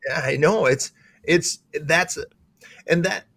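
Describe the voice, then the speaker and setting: A middle-aged man with an Upper Midwest accent and a gravelly edge, chatting as a sheriff co-host. He rambles cheerfully and restarts sentences as he goes. The sound is dry and close. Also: fairly high pitch, a little slow, fairly bright tone, dry recording. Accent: Upper Midwest American. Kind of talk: casual chat.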